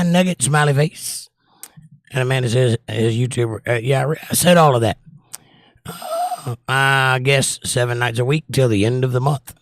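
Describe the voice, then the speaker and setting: A man's voice: medium pitch, no room sound. A man hosting a casual livestream chat in a mid-range voice, greeting viewers and joking as he reads their comments. His voice is dry and close, with no room sound around it. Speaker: livestream show host.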